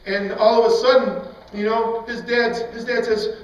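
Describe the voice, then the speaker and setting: An animated, emphatic man tells stories at a Christian event, often laughing as he goes. His voice sits high for a man. It comes from far off the mic in a big, echoing hall, with a dull sound. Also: normal speed. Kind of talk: storytelling talk.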